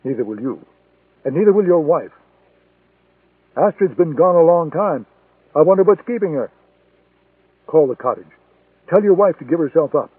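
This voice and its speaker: Narrator doing a menacing male assassin, taunting, raised and husky, thin phone-like audio. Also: on the high side, animated, dry recording, distant mic. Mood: tense. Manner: taunting, deliberate and threatening. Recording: tinny phone-like sound, dry.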